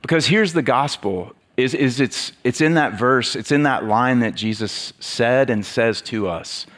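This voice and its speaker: A man's voice: mid-range voice, unhurried, a bit bright. A man giving a casual, conversational sermon, with many fillers and restarts.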